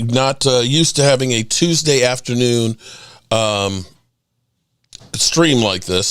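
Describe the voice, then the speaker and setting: A man hosting a casual live sports stream, excitable and often restarting his words. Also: mid-range voice, clear, resonant tone. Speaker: sports channel host.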